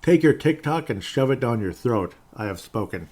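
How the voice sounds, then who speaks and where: A man putting on the voice of a sarcastic, grumpy male talk-radio ranter, mocking and loud. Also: mid-range voice, animated, moderate pace, slightly rough.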